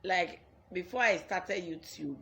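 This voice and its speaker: Low, slow-spoken Nigerian woman storyteller. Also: creaky, fairly bright tone. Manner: earnest, repeats phrases for emphasis. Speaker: YouTuber telling her life story. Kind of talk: personal storytelling vlog.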